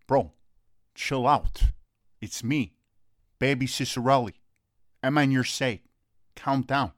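A man's voice: mid-range voice, slow pace, no echo, studio quality. Blunt, teasing tough-talking man. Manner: blunt, teasing, swears freely, street-tough talk. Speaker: friend of the coach. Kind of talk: comedic sketch dialogue.

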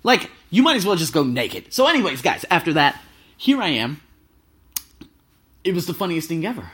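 A thirty-year-old man, a travel vlogger, telling stories casually and excitably, swearing freely. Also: fairly high pitch, moderate pace, husky. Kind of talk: casual storytelling.

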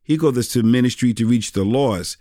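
Middle-aged pastor, rambling and dry. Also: male voice, mid-range voice, brisk, dark tone, no room sound. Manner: rambling, many restarts and fillers. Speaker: pastor and former rapper. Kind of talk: casual interview storytelling.

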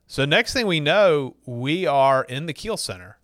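A man's voice: on the high side, lively intonation, unhurried, fairly bright tone, dry recording, clean studio sound. A middle-aged man from Alabama with a Southern accent, casually telling a personal story, chatty and full of fillers and restarts.

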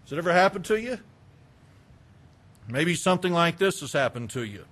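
A man's voice: a little high, very animated, moderate pace, a bit bright. A man preaching a conversational sermon as a pastor, asking the congregation questions and acting out little everyday exchanges.

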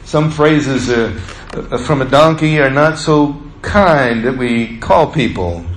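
A man preaching a sermon in a folksy storytelling way, stretching out words for emphasis and dropping low on asides. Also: lively intonation, slow, slight background noise. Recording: echoey room with faint ambience.

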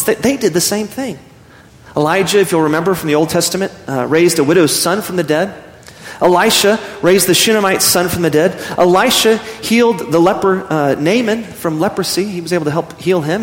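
A man preaching a sermon as pastor, earnest and animated, often restarting his phrases. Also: high-pitched, echoey room, in a large hall.

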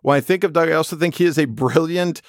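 A man's voice: a little high, quick pace, dry recording, clean studio sound. A middle-aged man co-hosting a podcast, friendly and laughing easily. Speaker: podcast co-host. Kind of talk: casual chat.

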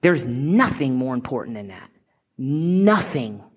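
Preaching with earnest force, this female pastor lingers on important words and occasionally drops to a whisper. She has a bass voice that is sing-song and a little rough.

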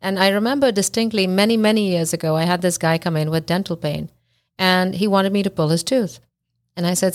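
A woman's voice: on the low side, fairly even intonation, brisk. A woman who hosts a podcast and is a physician, talking frankly and emphatically in a casual conversation.

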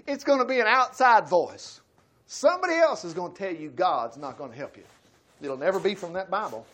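Folksy preacher, high voice. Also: male voice, sing-song, a little fast. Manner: folksy, acts out quotes with sudden loud outbursts. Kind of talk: Bible study sermon.

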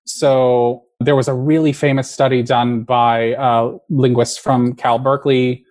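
A man's voice: medium pitch, little pitch movement, a little slow, a little mellow. Man, podcast guest, mid-range voice, loose explanatory storyteller. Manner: explanatory, storytelling, frequent "like" fillers. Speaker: podcast guest, conversation designer and linguist. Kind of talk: casual interview chat.

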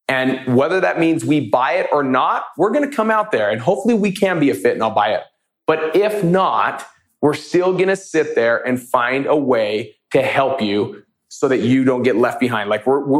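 A man's voice: mid-range voice, echoey room. A man teaching real estate wholesaling, telling stories from his calls in an upbeat, casual way. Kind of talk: storytelling teaching talk.

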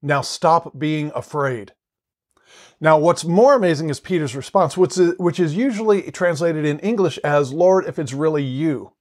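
Male Bible teacher, slightly higher register, earnest and explanatory, loose delivery with frequent restarts. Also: lively intonation, normal speed, hardly any pauses, a little mellow.

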